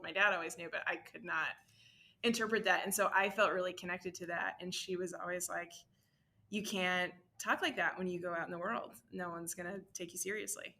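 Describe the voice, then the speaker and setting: Bright-toned Nova Scotian woman, thoughtful. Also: on the low side. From South Shore of Nova Scotia, Canada. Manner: thoughtful, candid, with frequent "um". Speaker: physics teacher, interviewee. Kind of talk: reflective interview answer.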